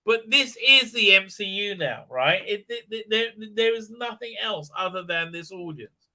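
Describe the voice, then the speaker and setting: A man's voice: sits high, expressive, moderate pace, bright, forceful tone. A middle-aged man hosting a live stream from his desk, rambling sarcastically and swearing, full of fillers and restarts.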